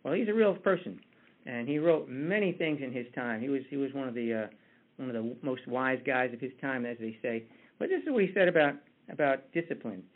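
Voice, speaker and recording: A man's voice: medium pitch, lively intonation, a little fast. A man giving a conversational motivational talk with a story, often restarting his words. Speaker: motivational speaker. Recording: tinny phone-like line.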